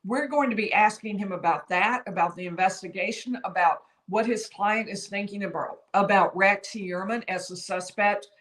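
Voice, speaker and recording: Host, woman, legal commentary stream, measured and explanatory, voice slightly worn. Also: mid-range voice, a bit bright, poor audio. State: slightly losing her voice. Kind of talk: livestream commentary. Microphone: streaming setup.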